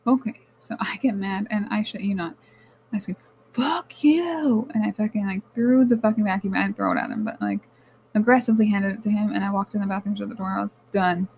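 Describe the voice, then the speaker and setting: A young woman hosting her own podcast, speaking in a candid, animated, casual monologue that often turns to swearing. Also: mid-range voice, quick pace, a little hiss or hum, poor audio. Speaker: podcast host.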